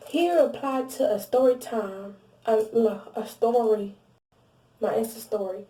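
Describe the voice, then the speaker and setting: A young woman with a mellow, darker voice tells a story straight to camera, blunt and animated, cursing freely and circling back over her own sentences. She sits a little back from the mic, so her voice carries a roomy echo. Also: on the high side, a little slow, recorded from a distance. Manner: animated and blunt, heavy swearing, frequent restarts and asides. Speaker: vlogger. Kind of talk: casual storytime monologue.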